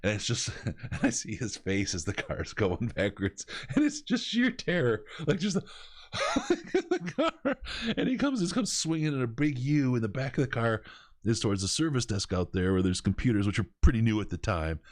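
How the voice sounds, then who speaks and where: Low-voiced, lively storytelling man. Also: brisk, no room sound, studio quality. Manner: animated, laughs through his stories. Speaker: podcast host. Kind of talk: casual storytelling.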